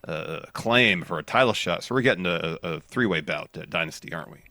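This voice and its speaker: A man co-hosting a podcast, recapping matches in a relaxed play-by-play way. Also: low voice, brisk, dry recording, studio quality. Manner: relaxed play-by-play, some restarts. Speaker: podcast co-host. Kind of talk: casual wrestling recap chat.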